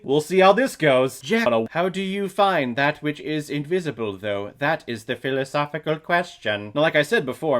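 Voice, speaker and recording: Jokey man with a lively voice. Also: mid-range voice. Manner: jokey, chatty, with fillers. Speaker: movie reviewer. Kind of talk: casual vlog review.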